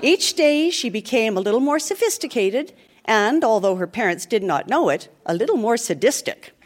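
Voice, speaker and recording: A woman reads a twisted fairy tale aloud to a live theatre crowd in a mock-solemn, theatrical way. Her voice sits high and swoops animatedly through each sentence, with a show host's ease on stage. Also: animated, normal speed. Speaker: podcast host reading aloud. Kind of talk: live comic dramatic reading.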